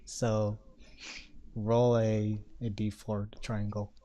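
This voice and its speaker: A man running a tabletop role-playing game as game master, narrating the scene in a loose, halting way full of fillers. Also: lowish voice, little pitch movement, noisy background.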